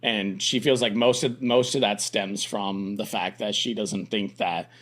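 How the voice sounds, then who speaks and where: Rambling young dad chatting on a podcast. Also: male voice, lowish voice, steady tone, unhurried, a bit bright. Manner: rambling, many restarts and fillers. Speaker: podcast co-host. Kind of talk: casual podcast chat.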